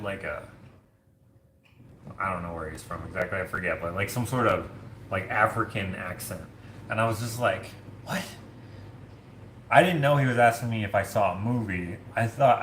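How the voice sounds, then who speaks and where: Rambling low-voiced man chatting while washing dishes. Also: fairly bright tone, echoey room, a little hiss or hum. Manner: rambling, heavy use of filler words like "like". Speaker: streamer and host. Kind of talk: casual livestream chat while washing dishes. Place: home kitchen.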